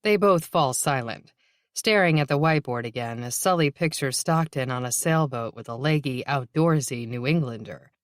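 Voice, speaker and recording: A woman narrating a novel in a steady, even reading voice. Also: a bass voice, moderate pace, no room sound, studio quality. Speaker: audiobook narrator. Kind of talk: scripted narration.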